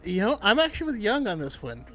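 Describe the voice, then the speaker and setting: A man's voice: sits high, wildly swooping pitch, fast talker, a bit bright. A man co-hosting a live show in casual chat, laughing a lot and starting with hesitant stammers. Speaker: podcast co-host.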